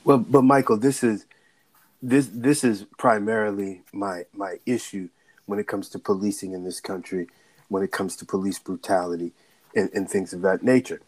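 A man's voice: on the low side, fairly even intonation, normal speed, darkish tone. A male legal and political analyst in a frank talk-show discussion. He argues emphatically, stacking rhetorical questions one after another and checking in with the listener. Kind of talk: candid discussion.

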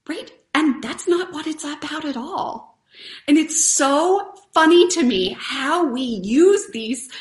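A woman's voice: high-pitched, fairly bright tone. A woman hosting a live stream, giving a casual, earnest motivational talk and chatting with viewers. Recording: roomy echo.

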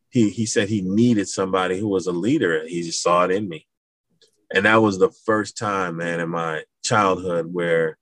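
A middle-aged man from Madison, Wisconsin, talking casually as an interview guest, animated storytelling. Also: sits low, no room sound. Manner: animated, acts out voices in his stories, laughs. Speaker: guest, school founder.

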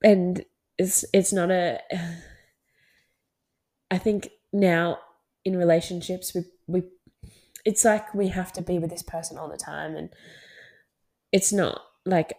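A woman in her twenties with an Australian accent, talking candidly and casually about her own life, with many fillers and soft laughs. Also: lowish voice, fairly even intonation, takes it slowly, pauses often. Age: 20s. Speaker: podcast host. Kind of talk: casual personal talk.

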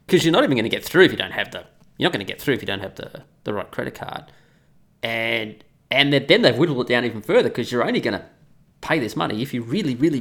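A man holds forth in a casual, opinionated rant and swears freely along the way. His gravelly voice swings widely in pitch as he gets worked up. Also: a bit bright. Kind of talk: casual ranting monologue.

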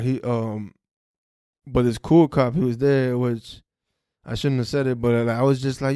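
A man telling a story on his podcast, casual and full of swearing, acting out both sides of the conversations. His voice is mellow and warm. The sound is close and dry. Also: mid-range voice, moderate pace, no room sound. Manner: profane, animated, re-enacts dialogue. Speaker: podcast host.

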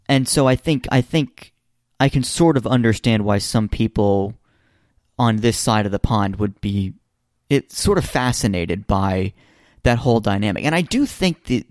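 An American man co-hosting a casual chat podcast, talking in an animated, rambling way with many restarts. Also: fairly low pitch, dry recording, studio quality. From United States. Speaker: podcast co-host.

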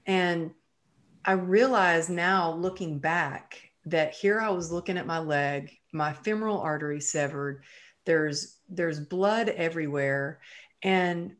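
A woman's voice: lowish voice, takes it slowly. A woman guest on a podcast, candidly retelling a personal story in vivid detail, with frequent "you know" and "um".

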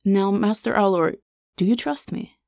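A woman reading the lines of a calm, courtly elvish king in a smooth, unhurried voice. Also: mid-range voice, dry recording, clean studio sound, lightly acted. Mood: composed. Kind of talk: audiobook character reading.

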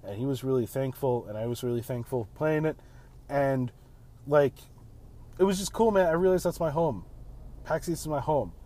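A man's voice: mid-range voice, moderate pace, pauses often, mellow. A man hosting a casual monologue from his car, talking bluntly with heavy swearing and often tacking on "man". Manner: blunt, profane, ranting, keeps saying "man". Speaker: podcast host. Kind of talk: casual monologue while driving.

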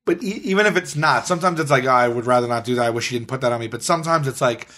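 A man co-hosting a podcast, telling a long story in a casual, animated way and acting out the dialogue. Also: medium pitch, rapid-fire. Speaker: podcast co-host.

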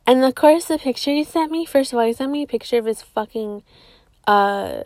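A woman's voice: on the high side, animated, brisk, darkish tone, no room sound. A young adult woman hosting a podcast, telling a story in casual, profane chat, dropping to whispers for asides. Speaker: podcast host.

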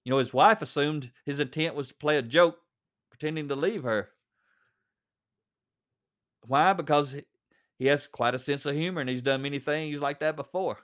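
A man's voice: on the high side, normal speed, pauses often, fairly bright tone. A man reading a story aloud, then commenting on it conversationally with fillers. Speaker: reader and commentator.

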